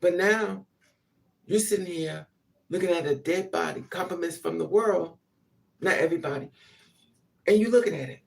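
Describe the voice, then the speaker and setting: Grieving mother, impassioned and repetitive monologue; gravelly timbre, recorded from a distance. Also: lowish voice, moderate pace, long pauses. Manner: impassioned, repetitive, acts out pleading quotes. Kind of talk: emotional spoken monologue.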